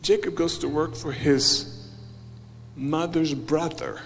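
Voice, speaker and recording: A man preaching a sermon as a bishop, acting out the people in his story and swinging from hushed asides to loud cries. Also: on the high side, slow pace, vocal fry. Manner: acts out biblical characters, swings from hushed to shouting. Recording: live hall with loud music behind.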